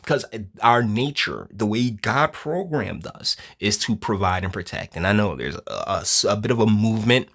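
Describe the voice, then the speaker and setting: Man with a low-ish voice, blunt, slangy, preachy commentator rant. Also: expressive, moderate pace, few pauses, fairly bright tone. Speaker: online commentator. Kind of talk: casual opinion rant.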